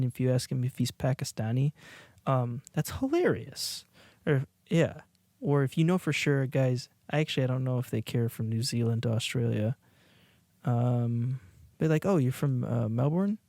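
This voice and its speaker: A man co-hosts a podcast in loose, casual chat, laughing often and restarting his sentences. His voice sits at a middling pitch. The recording is dry and close, with no room echo. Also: darkish tone. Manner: rambling, laughing, many restarts. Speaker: podcast co-host. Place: indoors, watching a video while recording.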